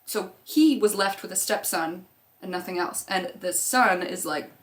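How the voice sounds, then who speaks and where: A woman's voice: fairly low pitch, measured pace. A young woman chatting casually as a vlogger, rambling through tangents and swearing freely. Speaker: movie rewatch vlogger. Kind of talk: casual chat.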